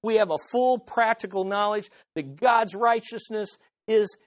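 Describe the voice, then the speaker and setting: A preacher in full sermon mode, pressing each point by repeating key phrases and putting rhetorical questions to the listeners. The pitch sits in a middle range. The sound is dry and close, with no room echo. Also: a little slow.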